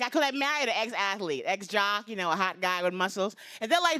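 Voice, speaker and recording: A woman's voice: mid-range voice, animated, fast talker, hardly any pauses, bright, forceful tone. A woman in her fifties doing a brash, confiding stand-up routine on stage before a live audience. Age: 50s. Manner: brash, confiding, punchline-driven. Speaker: stand-up comedian.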